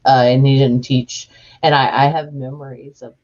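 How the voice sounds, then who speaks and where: A woman's voice: a bass voice, flat delivery, moderate pace, darkish tone. A woman podcast host talking in casual chat, rambling with many restarts and fillers. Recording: muffled lo-fi audio.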